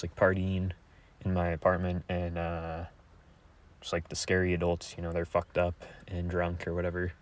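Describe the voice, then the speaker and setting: Low-voiced young man rambling crudely. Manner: crude, rambling, halting with many fillers. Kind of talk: casual rambling monologue.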